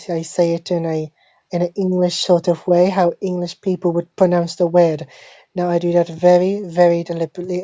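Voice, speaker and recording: A woman giving a deadpan parody language lesson, speaking slowly and deliberately and repeating each word like a teacher. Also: fairly low pitch, no room sound. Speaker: mock French teacher. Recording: dull lo-fi phone screen recording.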